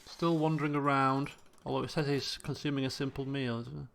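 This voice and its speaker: A man's voice: mid-range voice, fairly even intonation, fairly quick, creaky, fairly bright tone. A man streaming a colony sim game live, chatty and thinking aloud while talking to his chat. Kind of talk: casual live game commentary.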